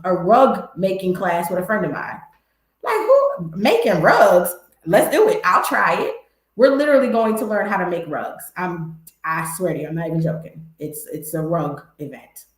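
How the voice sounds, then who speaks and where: Candid woman with an echoey sound. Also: mid-range voice. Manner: candid, emphatic, talks straight to viewers. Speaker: host. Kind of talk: motivational vlog talk.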